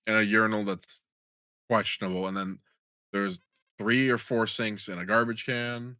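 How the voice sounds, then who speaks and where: A young man co-hosting a podcast, telling a long crude anecdote in an animated, joking way. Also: on the low side, moderate pace, no room sound. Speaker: podcast co-host. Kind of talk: casual storytelling chat.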